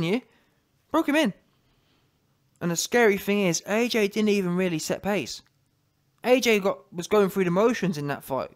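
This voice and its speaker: Man, boxing commentator, emphatic rant, repetitive, high voice. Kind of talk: opinion rant to camera.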